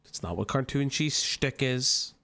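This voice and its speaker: A man's voice: mid-range voice, expressive, measured pace, vocal fry, sharp tone. A man with an Italian American accent doing reaction commentary, profane and mocking. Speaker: commentary streamer.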